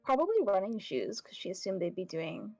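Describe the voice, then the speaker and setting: A woman's voice: medium pitch, expressive, fairly quick, mellow, no room sound, soft background music. A woman playing in a tabletop game, talking casually and reacting playfully. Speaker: player.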